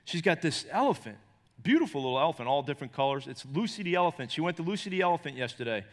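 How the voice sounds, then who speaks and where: A middle-aged man preaching a sermon as pastor, swinging from loud high emphasis to low quiet storytelling. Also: very animated, racing, long reverb tail. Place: church.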